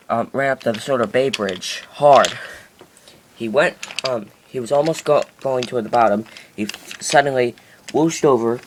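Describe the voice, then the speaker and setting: A man's voice: mid-range voice, slight background noise. Rambling man improvising a story. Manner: rambling, many restarts and fillers. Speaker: narrator of toy train stories.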